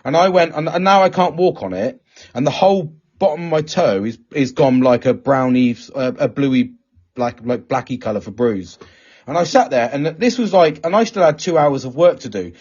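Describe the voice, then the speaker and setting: A man telling a story in casual chat as a podcast host, animated and swearing a lot. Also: medium pitch, normal speed, slightly rough. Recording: dull lo-fi recording.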